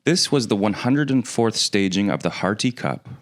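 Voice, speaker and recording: A man hosting a comedy chat show, teasing his guest in a dry way and reading aloud slowly. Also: on the low side, animated.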